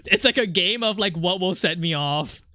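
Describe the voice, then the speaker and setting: A man's voice: high-pitched, normal speed, bright, forceful tone, dry recording, clean studio sound. A young man streaming his art, chatting casually with his chat in an irritable, snappy way, swearing and venting.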